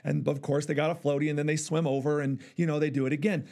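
A man's voice: fairly high pitch, flat delivery, fast, creaky, dark tone. A middle-aged male pastor preaching a sermon, telling a family story and acting out the voices in it. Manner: storytelling, acts out voices in quotes.

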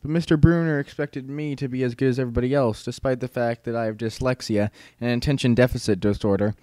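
A man's voice: mid-range voice, a little mellow, clear, resonant tone, dry recording. A man narrating an audiobook in first person with a wry storytelling manner.

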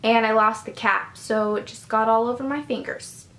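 A woman's voice: on the high side, fairly even intonation, normal speed, a bit bright. A young woman vlogging about her favorite products in a bubbly, gushing, upbeat way. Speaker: beauty vlogger. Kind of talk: casual chat to camera. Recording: echoey room.

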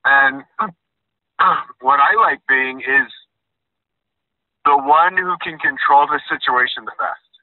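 A man talking casually on a podcast about martial arts, reflective and a little halting. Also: medium pitch, no echo. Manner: reflective, halting, repeats words. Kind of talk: casual conversation. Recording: dry, tinny phone-like line.

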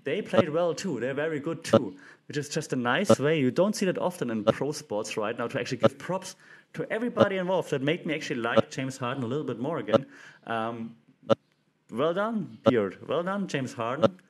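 A man's voice: medium pitch, animated, a little fast. A young man hosting a casual commentary show, talking with enthusiasm and acting out quotes in a livelier voice. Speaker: podcast host.

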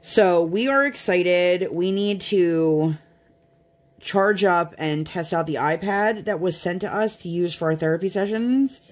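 A young mother who runs a craft vlog chats casually to camera, rambling and poking fun at herself. Her voice sits fairly low and she talks at a measured pace.

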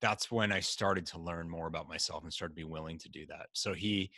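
Animated, low-voiced man telling stories. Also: fairly quick, no echo. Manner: animated storyteller acting out quotes. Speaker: guest. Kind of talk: casual interview conversation.

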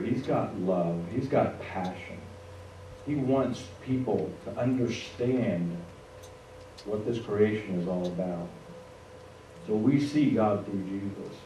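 In a church sanctuary, a pastor with a fairly low, warm voice delivers a sermon, speaking conversationally and tossing asides to the congregation. The recording is echoey, with his voice coming from a distance over faint noise.

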